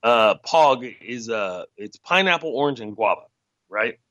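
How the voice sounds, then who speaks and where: Man, podcast host, casual rambling chat, sarcastic, bright forceful voice, dry dull recording. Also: mid-range voice, lively intonation, unhurried, no echo. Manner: rambling, sarcastic, laughs at his own jokes.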